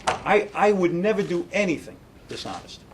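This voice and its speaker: A man's voice: high voice, very animated, moderate pace, noisy background. A middle-aged man, a radio broadcaster, giving an indignant, sarcastic statement and taking questions at a press conference.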